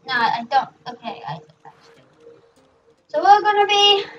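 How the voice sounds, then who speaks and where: Very high-voiced excitable young gamer. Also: unhurried. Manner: rambling, excitable, shrieks at game events. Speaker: gaming channel host. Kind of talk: let's play commentary. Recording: dull, distant mic with faint music.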